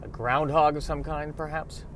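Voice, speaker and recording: A man rambling casually in a deadpan way, with lots of hesitant fillers. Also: on the high side, normal speed, slight background noise. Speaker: vlogger.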